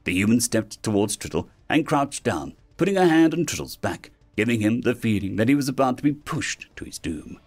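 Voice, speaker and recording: A man narrating a science-fiction story in an expressive storytelling manner. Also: mid-range voice, a little fast, few pauses, faint music behind. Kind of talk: scripted sci-fi story narration.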